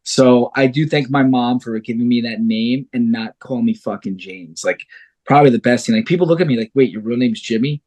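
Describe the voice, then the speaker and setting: Fairly quick and medium in pitch, this man's voice belongs to a fighter in his thirties guesting on a podcast. He's an animated storyteller in loose conversation, cursing without restraint.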